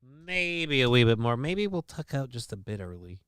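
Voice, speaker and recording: A man's voice: medium pitch, sing-song, normal speed, a bit bright, clear, resonant tone, no room sound, clean studio sound. A man hosting a livestream show, chatting casually with a profane, sarcastic, rambling manner.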